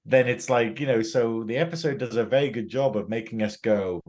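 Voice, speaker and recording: A man's voice: mid-range voice, a little fast, darkish tone. A man from northern England co-hosting a casual TV review chat, enthusiastic, laughing often and acting out the characters' lines. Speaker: podcast co-host.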